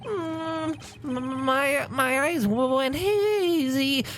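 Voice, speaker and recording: A co-host on a game stream, reading lines and commenting in a dry, unhurried way. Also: high-pitched, a bit bright, soft background music. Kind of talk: live let's-play commentary and reading dialogue.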